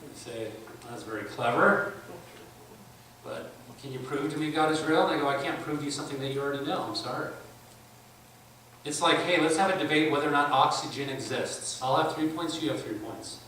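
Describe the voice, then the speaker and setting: A man preaches with a bright, forceful voice, acting out both sides of his arguments with skeptics. He is heard from a distance in a very echoey church hall, with faint room noise behind him. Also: on the high side, brisk. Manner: emphatic, acts out both sides of debates. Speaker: conference speaker. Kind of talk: sermon.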